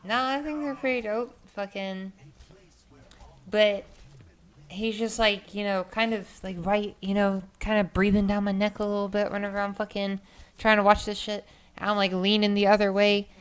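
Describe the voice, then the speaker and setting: A woman's voice: medium pitch, completely flat delivery, normal speed, clear, resonant tone. A young woman vlogger telling a story in a casual, rambling way, full of filler words and swearing.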